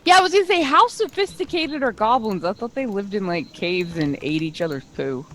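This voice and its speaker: A woman's voice: medium pitch, expressive, fairly quick, fairly bright tone. A woman playing a tabletop game, chatting in a giggly, joking way. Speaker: player. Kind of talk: casual tabletop play.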